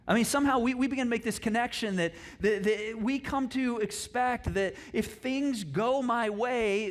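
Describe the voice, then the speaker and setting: High-voiced man preaching casually. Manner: conversational, animated, repeats words, laughs often. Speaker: pastor. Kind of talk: sermon. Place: church auditorium.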